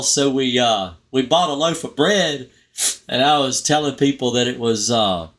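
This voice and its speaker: A man's voice: medium pitch, a little slow, fairly bright tone. A middle-aged man hosting a live stream, chatting casually and rambling, often laughing at his own stories. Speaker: pest control channel host.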